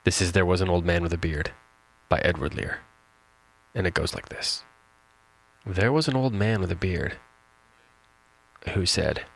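A man's voice: deep voice, normal speed, vocal fry, pauses often, dry recording. A man hosting a poetry podcast, chatting casually and talking up a short poem with playful, mock-grand enthusiasm. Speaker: podcast host.

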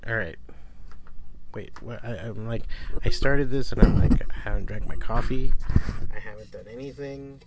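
A man's voice: mid-range voice, normal speed, pauses often, very noisy. A middle-aged man with a Miami accent hosting his own podcast from his studio, rambling and swearing casually. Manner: rambling, profane, self-deprecating. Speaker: podcast host and comic shop owner. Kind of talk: casual solo podcast talk.

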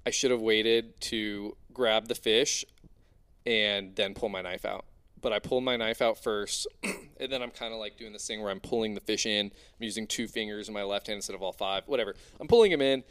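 A young man casually telling an animated, excitable diving story, full of fillers. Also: on the low side, moderate pace, clear, resonant tone. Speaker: spearfishing diver guest.

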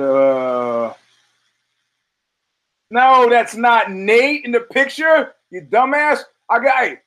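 High-voiced, profane male show host. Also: poor audio. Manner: blunt and profane, with frequent restarts. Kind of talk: profane rambling commentary monologue.

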